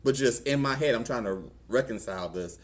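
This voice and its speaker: A man's voice: mid-range voice, expressive, a little fast. A middle-aged man with a Southern US accent, a pastor telling his own story in a conversational sermon and acting out the voices in it. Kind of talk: testimony sermon. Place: church.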